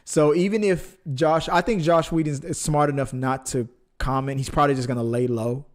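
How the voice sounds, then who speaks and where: A man's voice: fairly high pitch, fairly even intonation, brisk. A man co-hosting a casual movie podcast, rambling and joking as he talks through the news. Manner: jokey, rambling, self-correcting. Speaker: podcast co-host.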